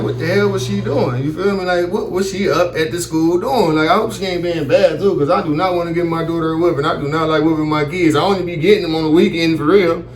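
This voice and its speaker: A man's voice: a little high, reverberant. A man telling a comic story casually, profane and loose, often asking "you feel me". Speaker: comedic storyteller.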